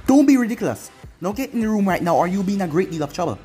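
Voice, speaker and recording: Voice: mid-range voice, rapid-fire, darkish tone, soft background music, lightly acted. A reader voicing a nervous, bullying adult man who scolds a boy. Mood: scolding.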